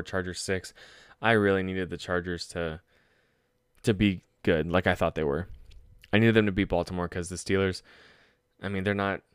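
Low-voiced excitable man talking sports. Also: clear, resonant tone, no echo, studio quality. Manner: excitable, swears freely, laughs at own stories. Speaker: sports podcast host. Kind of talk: casual solo sports talk.

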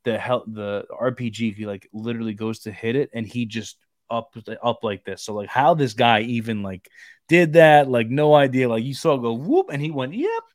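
A man on a podcast, telling a long story in casual chat, rambling and full of fillers, growing loud when he acts out shouting. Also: medium pitch, lively intonation, moderate pace, few pauses, no echo. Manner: rambling, repeats fillers like "like" and "bro". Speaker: podcast co-host.

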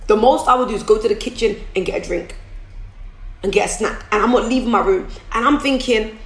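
A woman's voice: fairly high pitch, brisk, echoey room, rough recording. A woman talking candidly to her viewers about running her business, often repeating and restarting as she goes. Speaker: business owner vlogger. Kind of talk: casual motivational talk to camera. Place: room at home.

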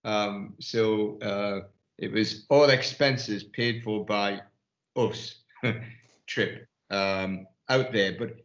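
A man's voice: lowish voice, steady tone, drawn-out words, a bit bright, reverberant, highs cut off. A man from Newcastle with a Geordie accent, telling rambling anecdotes as an investment firm partner in a casual panel discussion. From Newcastle, England. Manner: rambling anecdotes, many restarts.

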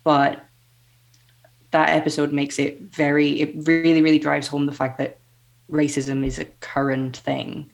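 Woman in her thirties, low and gravelly, halting podcast chatter. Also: flat delivery, poor audio. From Ireland. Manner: hesitant, halting, restarts sentences. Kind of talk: casual chat.

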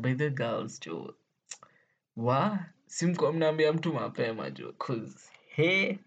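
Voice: mid-range voice, measured pace, highs cut off. A vlogger with a Kenyan accent telling stories to viewers in a playful, exclaiming way, laughing often. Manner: playful, exclaiming, laughing often, mixing English with Swahili slang. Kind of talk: casual storytelling to viewers.

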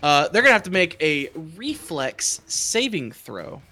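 Gravelly, lively-voiced player man. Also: on the high side, measured pace. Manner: thinks aloud, counts dice under his breath, jokey. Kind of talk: casual tabletop game chat.

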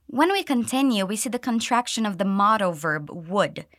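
A woman runs a pronunciation drill for English learners, demonstrating each phrase slowly and clearly so it can be repeated. Her pitch is animated, going up and down. The recording is intimate and dry, with no surrounding space audible.

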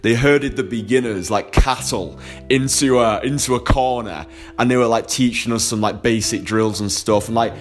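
A man's voice: medium pitch, moderate pace, faint music behind. A young man, a dating coach, telling a personal story in a casual vlog, candid and heavily profane, laughing often.

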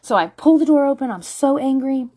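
A woman's voice: high-pitched, brisk. A woman in her thirties telling a story in a casual way, blunt and profane, acting out what people said. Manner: blunt, profane, animated storytelling with acted-out quotes.

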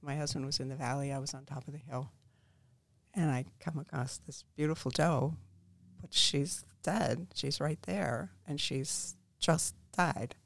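Creaky-voiced woman telling stories. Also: low voice, unhurried, dry recording. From Pennsylvania, USA. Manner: relaxed storyteller, frequent quiet murmurs of agreement. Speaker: real estate agent guest. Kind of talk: casual interview chat.

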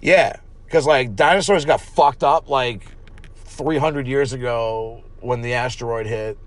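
A man co-hosting a comedy podcast, rambling and profane with a deadpan spin on silly fake products. His pitch sits right in the middle for a man. He talks loosely, trailing off and starting over. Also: unhurried. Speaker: podcast co-host. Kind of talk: improvised comedy podcast with mock ads.

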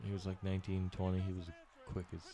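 A man's voice: sits low, completely flat delivery, fast talker, dark tone. A man co-hosting a casual podcast, commenting in a laid-back way. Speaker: podcast co-host. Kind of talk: casual chat.

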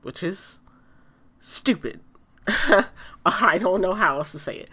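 A woman's voice: fairly low pitch, animated, takes it slowly, long pauses, bright, forceful tone, slightly rough. A woman in a casual ranting monologue, blunt and emphatic, who repeats her points and swears freely.

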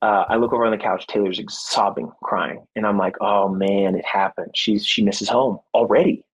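A man in his thirties, a former football player, telling a personal story in a podcast interview, earnest and animated, acting out what people said. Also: lowish voice, moderate pace, breathy edge, lo-fi sound. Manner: faith-centered, reflective. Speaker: guest, former football player and motivational speaker.

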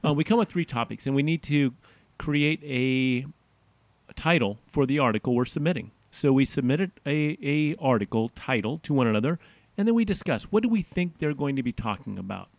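A man's voice: mid-range voice, lively intonation, moderate pace, no room sound. A jovial man co-hosts a podcast, joking and laughing as he explains the format. His mid-range voice is recorded close and dry. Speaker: podcast host. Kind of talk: casual chat.

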